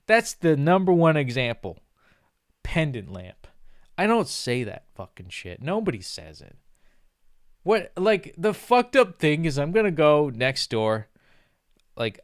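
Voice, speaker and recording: A man's voice: on the high side, very animated, unhurried, smooth, dry recording, studio quality. A young man ranting casually on a livestream, profane and sarcastic, and he mimics snobbish voices as he goes. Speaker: streamer.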